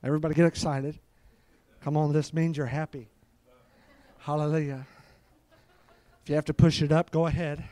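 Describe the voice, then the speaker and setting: Middle-aged male preacher, fervent and exclamatory, slightly high-pitched, dry sound. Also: darkish tone, no room sound. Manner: fervent, peppered with hallelujahs. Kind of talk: live sermon.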